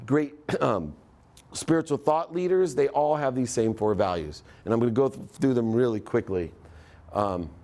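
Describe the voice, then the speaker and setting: A middle-aged motivational speaker gives a live talk built on storytelling, acting out the voices and quoted dialogue of the people involved. He has a mid-range voice with a darkish tone.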